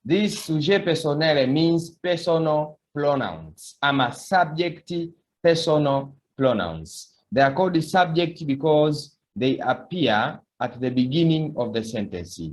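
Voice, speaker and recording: A man's voice: a little high, animated, measured pace. A man teaching a beginner language lesson, patiently repeating words for students to echo. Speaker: French teacher.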